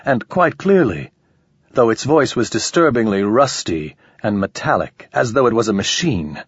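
A man reading a science-fiction novel aloud as narrator, in a measured, unhurried way. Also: medium pitch, expressive, husky, no echo. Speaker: audiobook narrator. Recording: slightly dull, dry audio.

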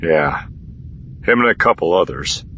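Brief: wry rogue voiced by a male narrator, very deep, bright-edged, faint hiss. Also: expressive, unhurried, muffled recording, exaggerated voice. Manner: dry, offhand and roguish. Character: wry, roguish adult male smuggler-hero. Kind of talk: audiobook character voice.

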